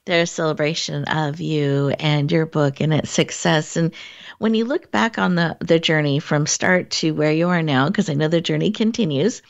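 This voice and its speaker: A woman hosts an interview show with a low voice. She sums up her guest's story and affirms it, laughing often. The audio is dry and a little dull. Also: moderate pace, gravelly, no room sound. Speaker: podcast host. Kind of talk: warm interview chat.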